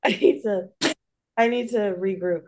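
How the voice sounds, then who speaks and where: A woman's voice: mid-range voice, a little slow, background noise. A woman co-hosting a podcast in casual chat, teasing and coaching her partner. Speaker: podcast co-host.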